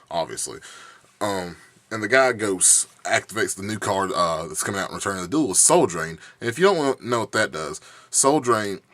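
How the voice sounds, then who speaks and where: A man's voice: deep voice, fairly bright tone, no room sound. A young man with a bad cough, ranting casually for a video, heated and profane, with many restarts and fillers. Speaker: YouTube vlogger. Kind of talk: casual rant.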